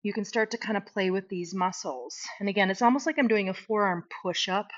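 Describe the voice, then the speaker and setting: A woman leads a yoga session, giving relaxed cues as she moves and poking fun at her own slips. Her voice sits at an ordinary middle pitch. The recording sounds dull and slightly muffled. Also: fairly quick. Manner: casual, self-deprecating, talks while moving. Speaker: yoga teacher. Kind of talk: guided yoga instruction.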